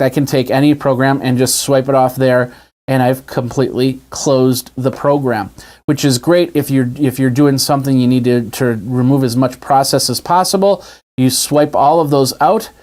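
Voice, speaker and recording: A man's voice: medium pitch, darkish tone. A man hosting a casual tech video, chatting his way through a tablet demo indoors. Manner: chatty, demonstrating on screen as he talks. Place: indoors at a desk with a TV and monitor.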